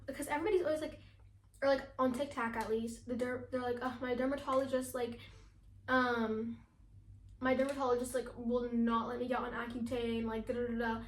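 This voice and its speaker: A teenage girl vlogging in a casual, chatty way, talking fast with lots of fillers and laughing often. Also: on the high side, reverberant, a little hiss or hum. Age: teens. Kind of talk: casual chat.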